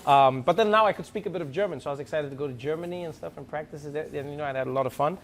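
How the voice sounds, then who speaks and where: Man, 30s, stand-up storyteller, high voice, noisy live recording. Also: very fast. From South Africa. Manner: animated, chatty, frequent "like" fillers. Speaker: stand-up comedian.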